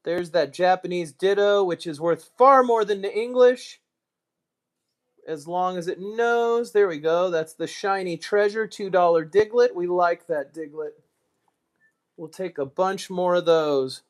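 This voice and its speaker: A man hosting a casual live stream, muttering to himself while sorting items and throwing quick asides to the chat. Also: sits high.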